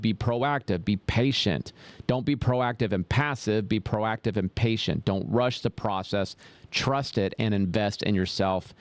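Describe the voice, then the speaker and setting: A man's voice: on the low side, a little mellow, no echo. A male pastor and podcast host teaching on leadership in a direct, emphatic way, repeating key points to the listener. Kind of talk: motivational teaching talk.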